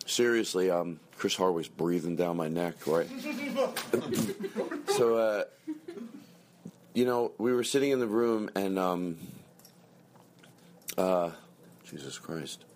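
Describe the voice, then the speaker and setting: A man hosting a comedy podcast, rambling and self-pitying, swinging into shouted rants. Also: low-pitched, slow pace, long pauses, slight background noise. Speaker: podcast host.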